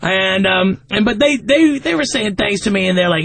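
Comedian guest on radio: high, gravelly man, profane rambling storyteller. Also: lively intonation, moderate pace, few pauses, a bit bright, no echo.

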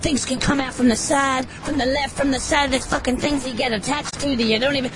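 A man voicing a deranged male scorpion who calls in, shouting and swearing in a manic war-veteran rant. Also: very high-pitched, fairly even intonation, brisk, background noise. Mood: gravelly boasting. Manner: profane, manic, shouting, stammering. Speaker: caller.

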